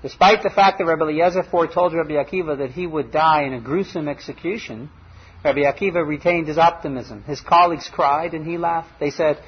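A man teaching a Torah class, telling stories with animated, acted-out quotes. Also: on the high side, fairly quick, slightly rough, muffled recording. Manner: animated storytelling, acts out quoted voices. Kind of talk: storytelling Torah lecture.

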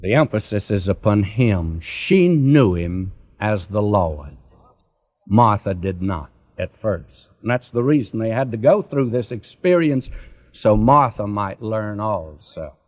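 A man preaching a sermon in a slow, emphatic cadence that rises and falls, directly addressing his listeners. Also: on the low side, expressive. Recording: dull lo-fi recording.

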